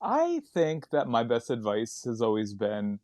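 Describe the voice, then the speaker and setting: A man's voice: mid-range voice, wildly swooping pitch, unhurried, a little mellow, no room sound, clean studio sound. A man, a stand-up comedian chatting as a podcast guest, rambling into tangents and laughing often. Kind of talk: casual podcast chat.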